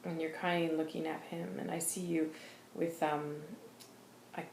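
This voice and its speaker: Woman vlogger, earnest intuitive reader, casual asides, lowish pitch. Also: little pitch movement, vocal fry, a little mellow, slight background noise. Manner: chatty, earnest, with quick asides. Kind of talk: casual vlog reading. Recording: roomy echo.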